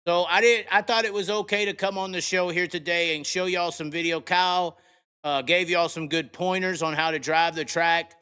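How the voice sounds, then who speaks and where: A podcast host with a high-sitting, smooth voice and moderate pace runs a live racing talk show. Breaking down results, he delivers brash, profane, excitable rants in casual commentary.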